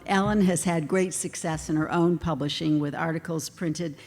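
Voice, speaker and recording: A woman's voice: fairly low pitch, moderate pace, hardly any pauses. A woman hosting an awards ceremony, reading introductions of inductees and adding chatty asides. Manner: warm, chatty asides between scripted lines. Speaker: ceremony emcee. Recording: long hall reverb, faint background noise.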